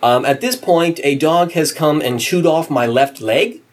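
A man's voice: on the high side, a little slow. A man hosting a casual podcast, joking in a playful, self-deprecating way. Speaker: podcast host.

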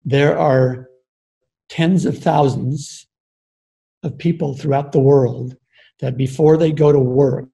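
An older man speaks in a gravelly, mellow voice, explaining ideas earnestly. He pauses often with ums and starts phrases over, sounding thoughtful and sincere rather than polished. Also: mid-range voice, poor audio. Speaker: speaker on embodied leadership. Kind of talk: reflective talk.

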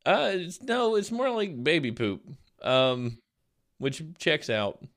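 A young man from Florida co-hosting a casual podcast, animated and quick to laugh, acting out quotes as he talks. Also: on the high side. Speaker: podcast co-host.

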